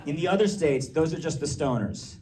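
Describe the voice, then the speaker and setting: A man from Massachusetts doing a stand-up comedy set before a live audience, chatty and riffing, breaking into shouted rants. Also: fairly high pitch, lively intonation, a little fast, distant mic, a crowd in the background.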